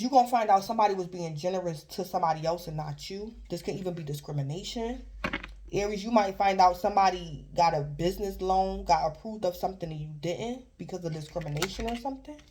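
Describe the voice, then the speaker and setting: This woman's voice sits on the low side and sounds a little mellow, with slight noise behind it. She's doing an informal tarot reading, wandering and repeating herself while addressing the listener by star sign again and again.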